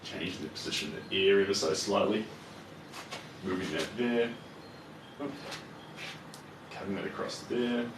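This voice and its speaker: A man's voice: deep voice, unhurried, pauses often, background noise. A man live-streaming while he paints. He chats casually, mutters to himself as he works, and greets viewers. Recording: roomy echo, voice far from the mic, faint ambience.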